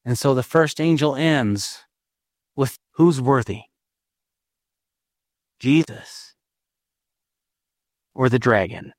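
A man preaching a sermon as a pastor, earnest and emphatic, with slow, drawn-out pauses. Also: mid-range voice, no echo, clean studio sound. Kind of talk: sermon with personal testimony and prayer.

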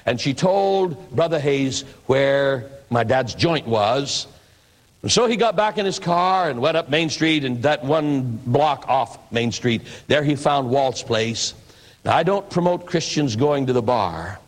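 A man's voice: mid-range voice, animated, measured pace. A man preaching in a reflective, conversational storytelling manner. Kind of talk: storytelling sermon.

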